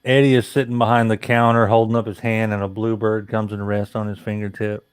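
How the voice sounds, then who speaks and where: A man's voice: on the low side, level tone, brisk, clean tone, dry recording. A man co-hosting a casual group chat, riffing jokingly on absurd scenes. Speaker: podcast co-host.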